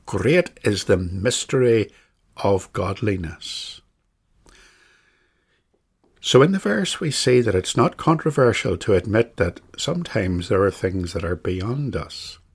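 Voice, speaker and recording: A man teaching a catechism class on a bible passage, speaking in a measured, emphatic way and repeating phrases for stress. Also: fairly low pitch, big pitch swings, slightly rough.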